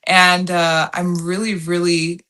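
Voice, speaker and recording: A woman's voice: lowish voice, flat delivery, pushed and bright. A woman guest on a podcast, talking candidly and with emphasis in casual chat. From Armenian heritage. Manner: candid, emphatic, drawn-out phrasing. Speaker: podcast guest, slot content creator.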